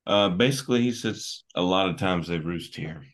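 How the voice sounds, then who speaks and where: A man playing a tabletop game, talking in character in a hesitant, halting way with many fillers. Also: deep voice. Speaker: player. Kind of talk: in-character tabletop role-play.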